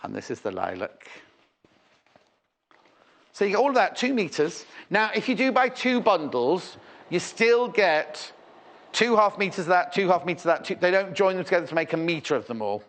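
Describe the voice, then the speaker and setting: Chatty British man with a lively voice. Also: high-pitched, normal speed. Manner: chatty, rambling, enthusiastic. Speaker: shopping channel presenter. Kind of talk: live TV selling chat.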